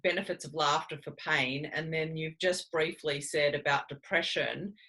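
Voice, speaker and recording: A woman's voice: low voice, fairly even intonation, normal speed, sharp tone. A woman hosting an interview, asking attentive follow-up questions with a few hesitations. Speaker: interview host. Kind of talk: conversational interview.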